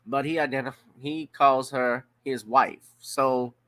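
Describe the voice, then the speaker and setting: A man from Louisiana reacts to the news in a blunt, profane, casual way, stretching words out for emphasis. His voice is bright and forceful at a middle pitch. It is recorded close and dry. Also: fairly even intonation, slow, no room sound. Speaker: news commentator.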